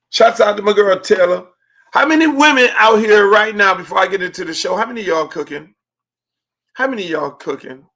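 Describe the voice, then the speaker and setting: A middle-aged man with a Miami accent hosting a casual livestream podcast, profane and joking, swinging between booming and hushed talk. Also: gravelly. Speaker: podcast host.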